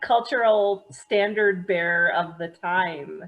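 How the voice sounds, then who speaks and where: A woman speaking quickly and enthusiastically in a casual group call. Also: fairly low pitch, highs cut off. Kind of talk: casual group video chat.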